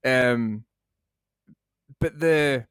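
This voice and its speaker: A man's voice: medium pitch, very slow, fairly bright tone, clear, resonant tone, no echo, studio quality. A man, co-hosting a casual podcast in a rambling, sweary, laughing way. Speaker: podcast co-host.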